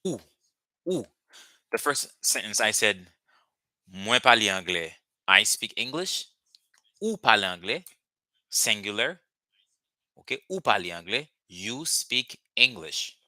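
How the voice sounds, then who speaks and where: A man teaching a live language lesson, patiently repeating words slowly for learners. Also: fairly low pitch, very animated, bright, forceful tone, dry recording.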